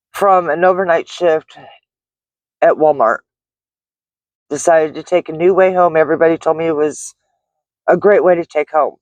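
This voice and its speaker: A middle-aged woman, a delivery driver, recounts something frightening in a rambling vlog, her shaken telling full of restarts and fillers. Her voice sits low, and there's no echo.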